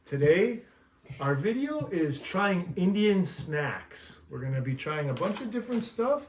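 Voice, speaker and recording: A man's voice: high-pitched, sing-song, a little slow, darkish tone, recorded from a distance. A man hosting a casual family vlog, playful and teasing as he chats with his relatives. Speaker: vlog host. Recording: echoey room, faint background noise.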